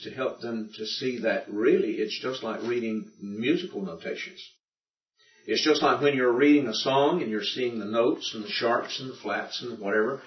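A man teaching a Greek language class in a folksy, halting lecture style, often repeating himself. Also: mid-range voice. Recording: roomy, distant, muffled classroom recording.

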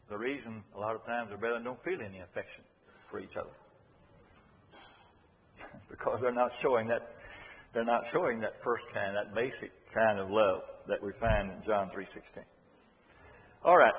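A man's voice: fairly low pitch, moderate pace, pauses often, husky. Earnest preacher man in an echoey hall. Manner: earnest, emphatic, repeats key phrases. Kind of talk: sermon. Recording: echoey hall, dull lo-fi sound.

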